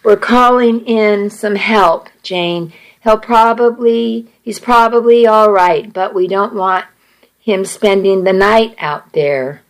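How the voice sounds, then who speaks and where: A woman reading a story, voicing a calm man who speaks in a gentle, soothing way. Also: mid-range voice, slow pace, low-quality recording. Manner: soothing, steady. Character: calm reassuring man, a friend.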